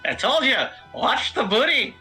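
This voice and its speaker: A woman's voice: on the high side, animated, moderate pace, pushed and bright, faint music behind, rough recording. A woman voicing a swaggering female pirate captain in an Irish accent, bossy and teasing, for a game playthrough. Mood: commanding.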